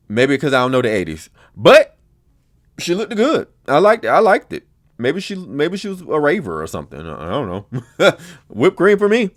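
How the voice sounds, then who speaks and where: Animated, blunt male podcast host. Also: mid-range voice. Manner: chatty, blunt and expressive, with frequent swearing. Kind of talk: casual reaction commentary.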